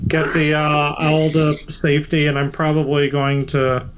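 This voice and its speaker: A man's voice: a little high, little pitch movement, measured pace, background noise. A man playing a tabletop game, speaking hesitantly as he thinks aloud. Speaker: player.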